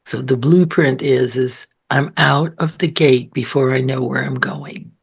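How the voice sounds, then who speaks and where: A woman's voice: extremely low pitch, steady tone, measured pace, gravelly, slightly rough. An older woman, born in New York and raised in Boston, chatting as an interview guest and telling family stories with the odd whispered aside. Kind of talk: casual conversational storytelling.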